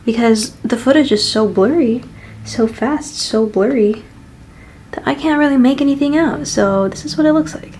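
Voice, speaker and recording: A woman's voice: a little high, normal speed, a little mellow, a little hiss or hum. A young adult woman talking candidly in a casual diary vlog, rambling with restarts as an animator at home. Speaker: animator vlogger.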